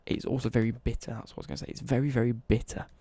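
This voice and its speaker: Young English male streamer, dark husky gravel, casual rambling anecdote, swears freely. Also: mid-range voice, level tone, racing, dry recording. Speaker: livestreamer. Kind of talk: casual storytelling on a livestream.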